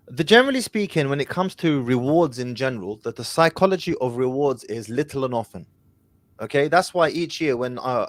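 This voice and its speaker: A man's voice: mid-range voice, no room sound. Confident male host, dry close sound. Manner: confident, direct, uses Arabic Islamic phrases. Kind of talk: advice call-in show.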